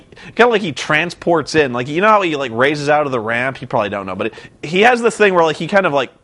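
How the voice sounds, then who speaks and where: A man's voice: a little high, a bit bright. A young man recapping a show in a rambling, incredulous, sarcastic way. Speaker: vlogger.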